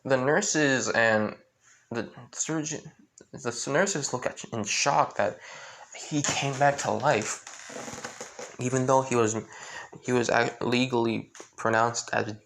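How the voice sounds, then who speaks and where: A man improvising a fan-fiction story in a halting, rambling way with many restarts. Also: medium pitch, vocal fry, fairly bright tone, a little hiss or hum.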